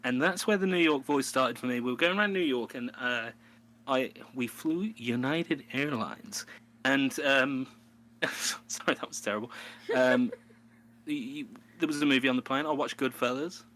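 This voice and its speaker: A man's voice: medium pitch, normal speed, fairly bright tone. A man co-hosting a podcast, chatting casually in a rambling way and laughing often. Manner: rambling, laughs often, puts on a mock New York voice. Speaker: podcast co-host. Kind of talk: casual chat.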